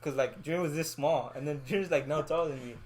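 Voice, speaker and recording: A man's voice: on the high side, fast talker, slight background noise. A young man co-hosting a casual chat with friends, telling stories full of slang and swearing and acting out what people said. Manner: animated storyteller, heavy slang and swearing, acts out quotes. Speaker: podcast co-host.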